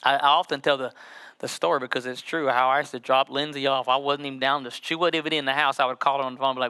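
A middle-aged man preaching a sermon as pastor, joking with the congregation and drawing out scripture slowly. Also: medium pitch, steady tone, sharp tone, clean tone. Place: church sanctuary with congregation.

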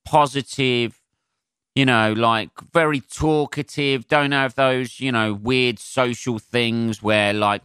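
Comic guy rambling on his podcast, swears loads, lots of ums, bright smooth voice. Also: medium pitch, takes it slowly, no room sound, clean studio sound. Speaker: comedian and podcast host. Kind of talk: casual solo podcast monologue.

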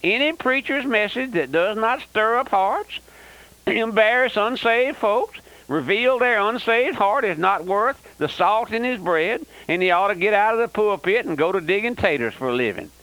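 A man's voice: high-pitched, lively intonation, moderate pace, pushed and bright, no room sound, poor audio. An older man preaching a fiery, emphatic radio sermon and repeating "that's right.". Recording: old radio broadcast.

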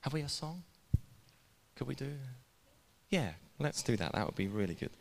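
A man preaching a sermon in a conversational, energetic way, with casual asides to the congregation in a church. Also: mid-range voice, moderate pace, gravelly, big-room sound. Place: church hall.

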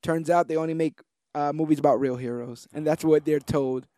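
A man's voice: fairly high pitch, fairly even intonation, brisk, warm tone, no room sound, clean studio sound. A man co-hosting a casual podcast chat, rambling enthusiastically and correcting himself as he goes. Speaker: podcast co-host.

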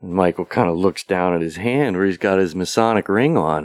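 A man hosts his own podcast alone, walking through a film scene by scene in a loose, conversational way. His voice sits very low, and the recording is close and dry, with no room sound. He pads his thoughts with fillers and drops into quick quoted asides. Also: dry recording. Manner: rambling, relaxed retelling with fillers and brief quoted asides. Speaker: podcast host. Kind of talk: casual solo podcast recap.

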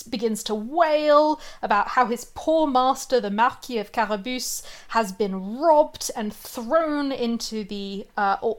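Woman telling an old fairy tale, kinda high voice, chatty and giggly, lots of ums. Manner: chatty, giggly, many fillers and asides. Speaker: podcast co-host retelling a fairy tale. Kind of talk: casual chat, storytelling.

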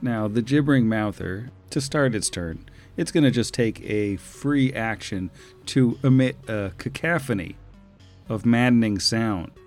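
A man's voice: on the low side, measured pace, faint music behind. A man serving as game master, plainly reading out monster defenses and abilities with frequent filler words. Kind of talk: running a tabletop game, reading monster stats.

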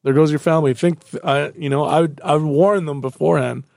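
Man, casual chat, gravelly, rambling with fillers, swears a lot. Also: fairly high pitch, fairly even intonation, fast talker, a little mellow, dry recording, clean studio sound.

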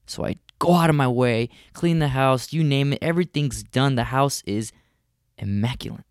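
A man in his thirties delivering a comic rant, rambling and swearing freely. He exaggerates his complaints and keeps circling back to them. His voice is mid-pitched and the recording is dry and close. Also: normal speed, smooth, no echo. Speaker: comedian.

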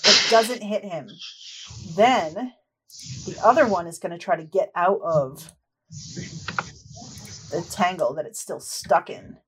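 A woman narrates a tabletop fantasy game as its game master, describing every charge and claw. Her delivery is lively and descriptive, with quick laughs between rolls. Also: fairly low pitch, background noise.

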